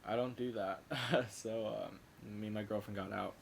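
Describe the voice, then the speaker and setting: A man's voice: lowish voice, steady tone, moderate pace, gravelly, slight background noise. A young man casually telling a rambling, profane personal story, often restarting and correcting himself. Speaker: vlogger.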